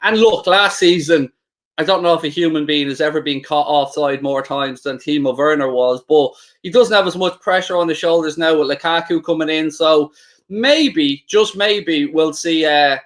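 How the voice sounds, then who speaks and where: A man with a fairly high voice speaks at normal speed while co-hosting a live football watchalong stream, chatting and bantering as he reads out what viewers write.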